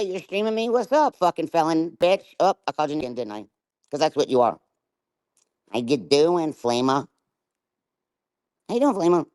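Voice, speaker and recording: A woman's voice: sits low, darkish tone. A middle-aged woman rants on her livestream and swears through every line. She taunts and confronts the people she addresses. The sound is dry, with no room echo. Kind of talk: livestream rant.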